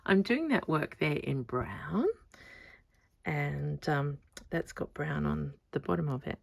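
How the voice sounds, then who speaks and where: Slow, low-voiced woman with gravelly fry. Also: animated. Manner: chatty, thinks aloud while working. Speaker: textile artist showing her stitching. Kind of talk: casual crafting vlog.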